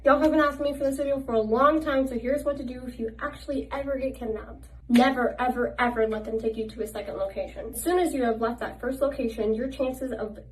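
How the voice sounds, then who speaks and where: A woman talks quickly and insistently, her pitch sitting a little high, as she stresses each warning. Her voice is picked up from slightly away from the mic. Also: steady tone, recorded from a distance, rough recording. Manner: emphatic and insistent. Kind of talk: urgent talking-to-camera safety advice.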